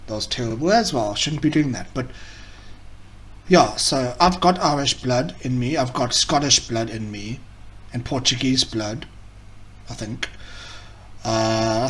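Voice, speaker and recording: A man's voice: mid-range voice, lively intonation, takes it slowly, long pauses, recorded from a distance. Rambling man, a bit off-mic. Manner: rambling, self-correcting, mocking. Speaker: reaction video host. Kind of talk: casual reaction commentary.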